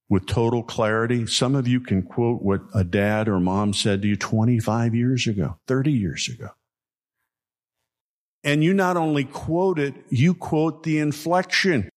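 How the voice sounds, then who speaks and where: A man with a fairly low voice preaching a sermon. He talks with emphasis, pauses on his points and repeats key lines so they sink in. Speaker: pastor.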